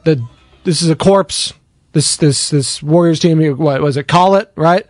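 A man's voice: fairly high pitch, moderate pace, a little mellow, dry recording, faint music behind. A man runs a sports radio monologue in a slightly raised voice, sarcastic and prone to drifting off on tangents. The sound is dry and close, like a studio microphone with no room around it. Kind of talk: opinionated sports talk monologue.

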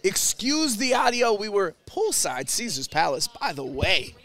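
A man's voice: high-pitched, sing-song, a little slow, fairly bright tone. Joking man hosting a sports chat. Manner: playful, jokey, lots of fillers. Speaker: podcast host. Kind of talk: casual chat. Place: media room at a draft event. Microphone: table mic.

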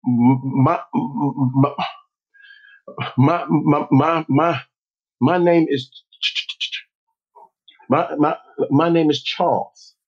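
A man's voice: a little high, fairly even intonation, slow pace, long pauses, highs cut off. A man voicing a timid young boy with a heavy stutter that repeats sounds over and over. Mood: pleading.

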